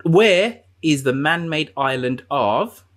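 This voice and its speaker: A man's voice: fairly high pitch, lively intonation, takes it slowly, fairly bright tone. A man hosting a live quiz on a video call, reading out answer options and joking with guests. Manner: jokey, reads options aloud with repetition. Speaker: quiz host.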